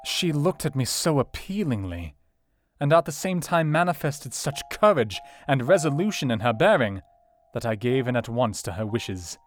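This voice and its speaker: An actor playing an earnest, grave Victorian male doctor in a dramatized reading of a classic novel, with a formal, gentle and solemn manner. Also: medium pitch, big pitch swings, moderate pace, lightly acted.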